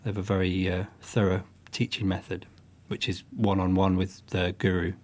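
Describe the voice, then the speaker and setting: A man, a folk musician, giving thoughtful, halting explanations in an interview. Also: low-pitched, little pitch movement. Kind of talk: interview conversation.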